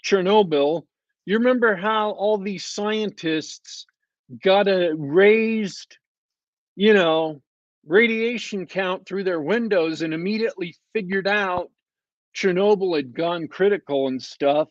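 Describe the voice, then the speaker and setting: A man talks at an unhurried, drawn-out pace, sardonic and rambling as he reviews a show, filling gaps with ums and uhs. The sound is dry and a little muffled, like a plain home mic. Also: high voice, no room sound. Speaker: podcast co-host reviewing shows. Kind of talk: casual podcast chat.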